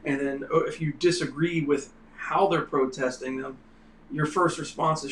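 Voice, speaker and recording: A man's voice: a little high, fairly even intonation, normal speed, a bit bright. A man co-hosting a livestream, talking in a rambling way and leaning on "you know". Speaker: livestream co-host. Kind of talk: casual political discussion. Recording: roomy with faint noise.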